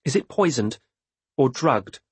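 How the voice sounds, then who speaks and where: A young girl prisoner, guarded and playing innocent, her voice lifted high and husky, as a male narrator puts her on. The sound is dry and close. She asks her questions with care. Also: expressive, a little slow, no echo. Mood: wary.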